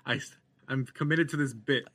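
A man's voice: medium pitch, normal speed, fairly bright tone. A man co-hosting a casual podcast chat, joking around, swearing freely and laughing often. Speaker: podcast co-host.

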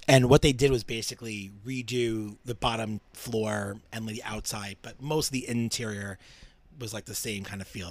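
A man co-hosting a podcast, telling ghost stories in casual chat with lots of restarts and fillers. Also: fairly low pitch. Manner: rambling, with frequent restarts and fillers. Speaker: podcast co-host.

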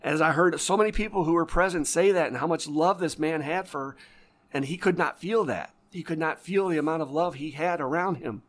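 A man's voice: on the high side, fairly quick, a bit bright. A man hosting a casual podcast conversation as an addiction counselor, swearing heavily as his passionate storytelling flares into angry rants. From lives in Florida.

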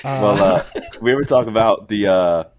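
A man's voice: fairly low pitch, moderate pace, a little mellow. A man chatting as a podcast guest, joking around and cursing. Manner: joking, laughing, profane. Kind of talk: casual chat.

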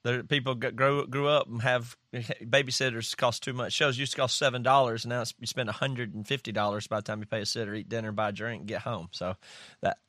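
Male co-host, relaxed, bright-toned, dry studio sound. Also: mid-range voice, brisk, no room sound. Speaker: podcast co-host. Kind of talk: casual chat.

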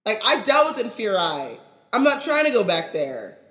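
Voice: mid-range voice, sing-song, moderate pace, pushed and bright. Slangy, joking podcast co-host. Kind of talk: casual chat. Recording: roomy echo.

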